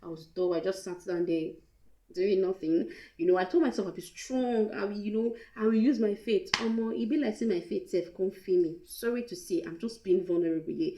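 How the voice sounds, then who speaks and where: A woman's voice: medium pitch, steady tone, brisk, warm tone, echoey room, a little hiss or hum, rough recording. A young Nigerian woman vlogger telling a candid, emotional storytime, slipping into pidgin now and then. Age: young adult. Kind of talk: storytime vlog.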